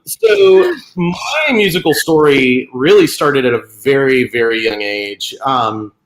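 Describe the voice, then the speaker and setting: A man in his late thirties from North Carolina talks casually as a guest musician on a video call. He is friendly and quick to laugh, and his speech is full of fillers. His voice sits at an ordinary middle pitch for a man. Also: big pitch swings, creaky, poor audio. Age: 30s. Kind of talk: casual interview chat.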